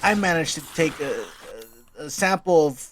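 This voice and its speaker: A man voicing a gloating male mad scientist villain in a silly fan story, pitched higher than his own voice. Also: normal speed, fairly bright tone, slight background noise, natural voice.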